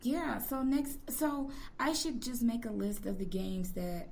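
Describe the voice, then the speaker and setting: A woman's voice: a little high, animated, a little slow, vocal fry, a little mellow. A woman hosting a casual interview podcast, enthusiastic and rambling, giggling often. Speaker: podcast host.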